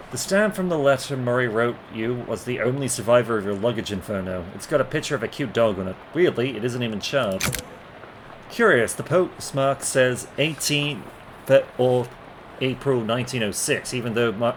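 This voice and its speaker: A man's voice: mid-range voice, fairly quick, background noise. A man playing a game and reading its text aloud, stumbling over words now and then. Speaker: gameplay commentator. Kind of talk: casual let's play commentary.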